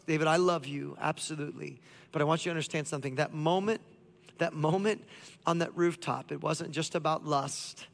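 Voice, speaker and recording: A man's voice: on the high side, creaky, in a large hall. A man preaching a sermon as pastor, impassioned, building to fervent intensity as he voices God speaking. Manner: impassioned, voicing God's lines with rising intensity.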